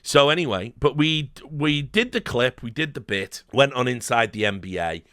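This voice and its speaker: A man's voice: medium pitch, lively intonation, normal speed, pushed and bright, no echo, studio quality. A man telling a story casually, rambling, swearing often and laughing. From Britain. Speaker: streamer host.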